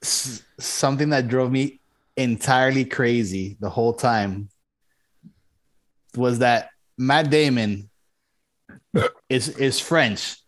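A man co-hosting a casual movie review podcast, talking in a drawn-out, exasperated way. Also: mid-range voice. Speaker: podcast co-host.

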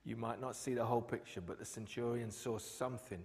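Impassioned preacher in a reverberant hall. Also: male voice, mid-range voice, fairly even intonation, a little fast, a little hiss or hum. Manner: swings from loud emphasis to hushed whispers. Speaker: pastor. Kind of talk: sermon. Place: church.

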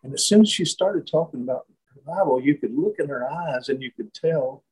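A man speaking as a guest, telling a reflective story in conversation, halting and restarting often. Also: on the high side, a little mellow, slightly rough, poor audio. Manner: slow, halting, many restarts and fillers.

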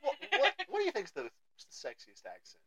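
This is a bright, sharp-toned man with a Southern US accent, hosting a podcast chat among friends. His voice swings around a lot as he jokes, trails off and teases himself. He sits at a podcast mic. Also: sits high, huge pitch swings, a little fast, slightly rough, lo-fi sound. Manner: joking, self-mocking, trails off. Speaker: podcast host. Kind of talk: casual chat.

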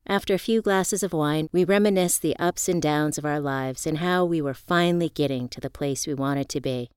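A woman reading a first-person audiobook aloud, with reflective, expressive storytelling. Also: low-pitched, normal speed, hardly any pauses, clean tone, no room sound, clean studio sound. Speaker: audiobook narrator.

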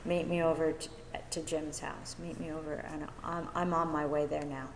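Low-voiced woman sharing in an echoey hall. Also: level tone, gravelly, slight background noise. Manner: halting, with many fillers and restarts. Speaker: speaker sharing at a recovery meeting. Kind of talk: personal testimony. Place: meeting hall at a podium. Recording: echoey hall with long reverb.

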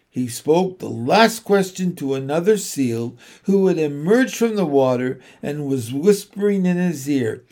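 A man narrating a children's storybook at an unhurried pace. His reading is expressive, with a slightly high voice that rises and falls freely. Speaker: audiobook narrator. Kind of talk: storybook read aloud.

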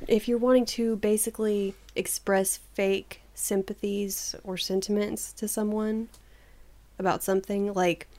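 A woman co-hosts a casual podcast chat, blunt and quick to swear. Her voice sits at an ordinary middle pitch. She explains things with easy, offhand asides. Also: warm tone. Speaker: podcast co-host.

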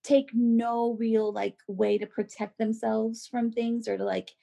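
A woman co-hosting a podcast in casual chat, animated and filler-heavy, acting out quoted voices. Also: fairly high pitch, unhurried, gravelly. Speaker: podcast co-host.

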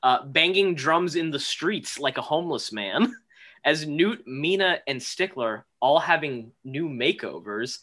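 A man's voice: a little high, expressive, a little slow, bright, forceful tone. A man co-hosting a podcast, making dry quips and recapping a dream sequence in casual chat. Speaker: podcast co-host.

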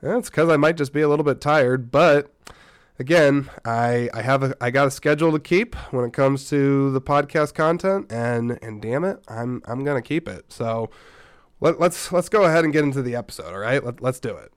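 A man's voice: medium pitch, moderate pace, clean tone, dry recording, clean studio sound. A man hosting a casual solo podcast, a bit tired while getting over a stomach bug, chatty and rambling with frequent asides and restarts. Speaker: podcast host.

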